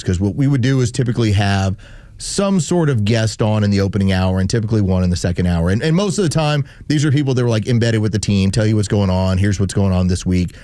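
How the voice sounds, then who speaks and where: A man's voice: fairly low pitch, mellow, no room sound. A male morning radio host telling stories in casual chat from a studio microphone. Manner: storytelling, rambling with restarts.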